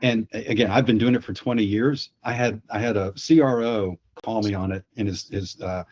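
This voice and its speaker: A man's voice: fairly low pitch, fairly even intonation, a little fast, a little mellow, highs cut off. A man on a video call explaining sales psychology through anecdotes, often restarting his words. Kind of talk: storytelling on a webinar panel.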